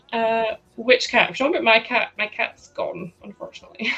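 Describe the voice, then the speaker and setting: A woman's voice: fairly high pitch, a bit bright, husky, muffled recording. A woman hosting a live stream, chatting casually with her audience, rambling with lots of "like" fillers. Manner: chatty, rambling, many "like" fillers, frequent laughs. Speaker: livestream host. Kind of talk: casual chat to a live chat while sorting.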